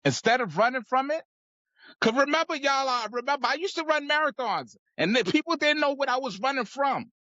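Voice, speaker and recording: A man's voice: very high-pitched, animated, a little fast, pushed and bright, no echo, lo-fi sound. A man hosting a podcast, pumping up the audience and talking straight to the listeners in a hyped style. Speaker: podcast host. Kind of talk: energetic podcast intro and chat.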